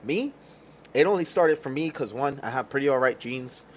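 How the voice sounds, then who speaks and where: A man's voice: medium pitch, lively intonation, moderate pace, slight background noise. A man in his thirties chatting casually with viewers on a gaming livestream, rambling, laid-back and swearing freely while he eats. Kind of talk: casual stream chat with viewers.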